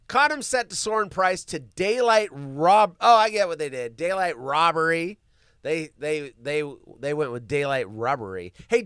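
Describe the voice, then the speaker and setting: A man's voice: a little high, smooth, no echo, clean studio sound. A man hosting a live stream, riffing on news stories with wisecracks and swearing. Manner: animated and wisecracking, swears freely. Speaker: livestream host. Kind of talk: casual live-stream commentary.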